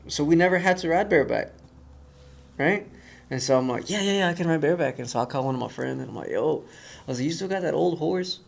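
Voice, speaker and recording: Gravelly-voiced man telling a lively story. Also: on the high side, quick pace. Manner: animated storyteller who acts out quoted voices. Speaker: guest. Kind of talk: casual storytelling.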